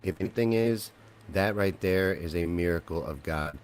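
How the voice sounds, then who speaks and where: A man's voice: low-pitched, moderate pace, slight background noise. A man hosting a live comedy stream, rambling and swearing freely while he riffs on memes and news and asks viewers questions.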